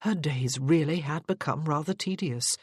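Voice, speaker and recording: A narrator reading a period romance novel in an even, measured way. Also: mid-range voice, husky, dry recording, clean studio sound.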